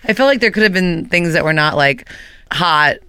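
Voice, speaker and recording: A woman's voice: fairly low pitch, animated, moderate pace, bright, forceful tone, smooth, no room sound. A woman talking candidly as a guest, rambling in a hyper, restless way, recorded on a dry close mic. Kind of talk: candid personal talk.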